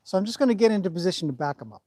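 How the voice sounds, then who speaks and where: A man's voice: high voice, expressive, racing, dark tone, dry recording. A man who trains horses, chatting casually through a livestream, rambling and breaking off to talk to his horse.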